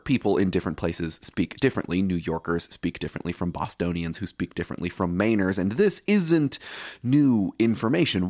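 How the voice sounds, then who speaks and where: A man's voice: on the low side, darkish tone, dry recording, studio quality. A man hosting a podcast, reading wry, playful scripted narration. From United States. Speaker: podcast host.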